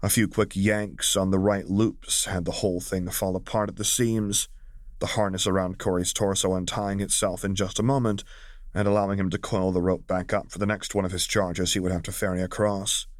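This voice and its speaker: A man reading a fan fiction audiobook in a measured storytelling manner. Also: low voice, flat delivery, no echo. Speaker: audiobook narrator.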